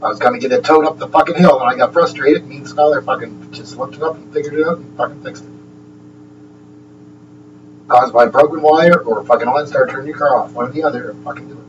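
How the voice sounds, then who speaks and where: A man's voice: medium pitch, fast, distant mic, highs cut off. A man chatting loosely on a livestream, swearing constantly and chuckling between sentences. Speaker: livestream host. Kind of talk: rambling casual chat. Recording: steady hum in the background.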